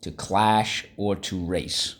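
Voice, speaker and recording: A man's voice: low voice, fairly even intonation, slow pace. A man teaching a vocabulary lesson, upbeat and coaxing, repeating each word for students to echo.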